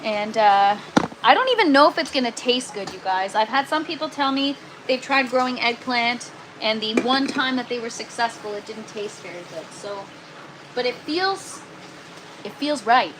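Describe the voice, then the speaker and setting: A woman's voice: on the high side, animated, normal speed, noisy background. A woman hosting a casual gardening live stream from an indoor grow tent, chatting with viewers and using lots of ums and "you guys.".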